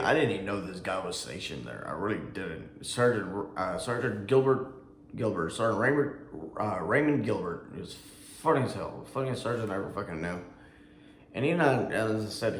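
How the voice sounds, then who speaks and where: Man, lowish voice, casual rambling storytelling, echoey room, faint background hum. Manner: rambling with frequent fillers and restarts, occasional swearing. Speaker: Army veteran vlogger.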